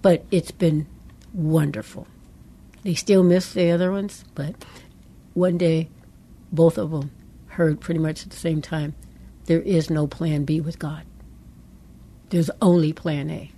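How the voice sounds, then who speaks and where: Middle-aged woman cohosting radio call-in, husky low voice, animated storyteller. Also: unhurried, pauses often. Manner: animated storyteller, quoting voices she heard. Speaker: pastor's wife and co-host. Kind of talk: call-in radio talk, personal testimony.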